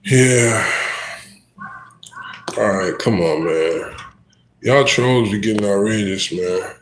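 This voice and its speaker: A man rapper telling a story on a casual livestream, animated and slangy, often turning to the listener. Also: lowish voice, slow, slight background noise. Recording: echoey room.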